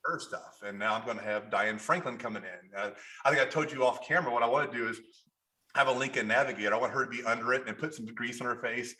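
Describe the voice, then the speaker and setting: A man with a Kentucky accent talks quickly as a podcast guest, his voice bright and forward. He rambles through anecdotes, restarts his sentences and acts out the people he quotes. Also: mid-range voice. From Kentucky, USA. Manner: animated storyteller, restarts often, acts out quotes. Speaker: guest photographer. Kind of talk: casual interview chat.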